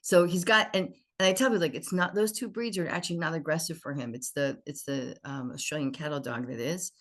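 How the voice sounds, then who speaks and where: Low-voiced woman telling dog stories. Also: a little fast. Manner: animated storyteller who acts out dialogue. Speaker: podcast guest. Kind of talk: casual chat.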